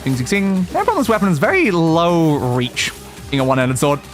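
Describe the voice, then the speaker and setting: A man's voice: a little high, wildly swooping pitch, fairly quick, faint music behind. A man streaming a video game, chatting casually and chanting playful sing-song nonsense while he plays. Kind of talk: casual gameplay commentary.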